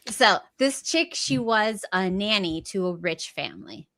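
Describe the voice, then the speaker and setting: A woman co-hosting a podcast, telling a story in a casual, gossipy, animated way and talking back sharply. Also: mid-range voice, a little slow. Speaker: podcast co-host.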